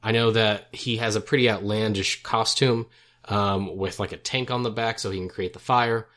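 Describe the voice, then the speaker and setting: A man's voice: lowish voice, fairly even intonation, normal speed, a bit bright. A young man co-hosting a movie podcast, chatting casually, rambling and correcting himself as he goes, chuckling at his own jokes. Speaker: podcast co-host. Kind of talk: casual movie review chat.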